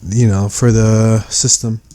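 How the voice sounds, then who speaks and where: A man's voice: fairly low pitch, flat delivery, unhurried, mellow, no echo. A man giving rambling casual commentary over video clips, full of fillers and restarts.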